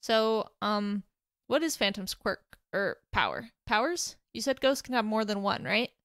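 A woman's voice: medium pitch, a little slow, dry recording, studio quality. A woman voicing a timid, demure teenage girl who speaks shyly. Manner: shy and soft-spoken.

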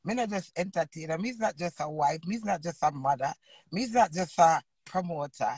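A Jamaican woman in her fifties, an entertainer and host, ranting loudly in an unscripted live video and swearing freely. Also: sits low, expressive, brisk, husky, no room sound. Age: 50s. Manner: loud, combative, swearing freely.

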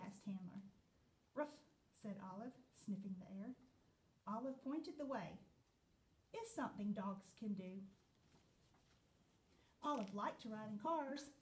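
Expressive woman reading a children's story. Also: mid-range voice. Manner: expressive, sing-song storytelling. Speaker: teacher reading aloud. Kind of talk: storybook read-aloud for children.

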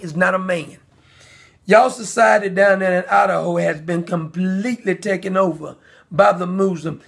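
Man, high voice, husky and rough, angry rant, shouts often. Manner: heated, indignant, often shouting. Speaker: commentary channel host. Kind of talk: angry ranting commentary.

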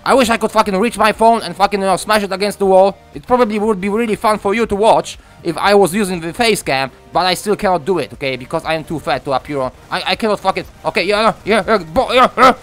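A young man commenting on his own gameplay from home, swearing a lot and ranting with excitement. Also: high-pitched, quick pace, hardly any pauses, soft background music. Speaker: gaming commentator. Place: room at home.

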